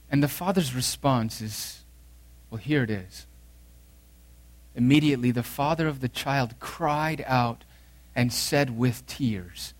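A male pastor giving an earnest sermon, reading scripture aloud and repeating key phrases, his voice swinging from loud emphasis to hushed intensity. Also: medium pitch, slow pace, long pauses.

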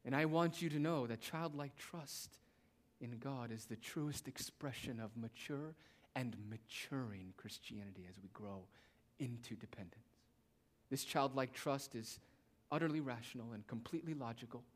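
A man's voice: medium pitch, normal speed. A young man preaching a sermon, emphatic and repetitive, addressing his listeners as beloved. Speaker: pastor.

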